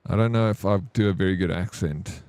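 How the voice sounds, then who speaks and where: A man's voice: low-pitched, fast, a little mellow. A man in his thirties with a South African accent, chatting casually on a game livestream in a rambling, laid-back storytelling way. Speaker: streamer.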